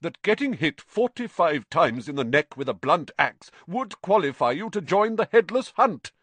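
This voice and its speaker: A man's voice: mid-range voice, measured pace, no echo, voice pushed up, close to an everyday voice. A man doing Nearly Headless Nick, a bitter theatrical ghost. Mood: indignant. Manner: plummy, indignant, dramatic outbursts. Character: aristocratic male ghost, old-fashioned, bitter and theatrical. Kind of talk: audiobook character voice.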